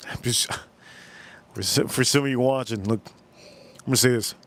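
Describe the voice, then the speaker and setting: A man's voice: normal speed, background noise. Brash rambling man on a livestream. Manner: brash, rambling, crude joking with chat; animated pitch swings, pitch jumps up when exclaiming. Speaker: livestream host reviewing whiskey. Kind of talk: casual livestream chat reading comments.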